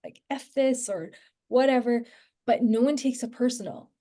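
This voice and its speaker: A woman's voice: a little high, moderate pace, dark tone. A woman talking as a podcast guest in a casual, rambling way, full of fillers and restarts. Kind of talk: casual conversational podcast chat.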